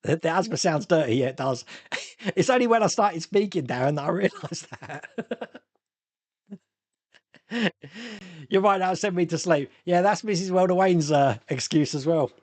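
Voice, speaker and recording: A man's voice: high-pitched, animated, a little slow, pauses often, dry recording. A middle-aged man hosting a casual live stream, chatting, laughing often, and reading viewer comments aloud. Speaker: host.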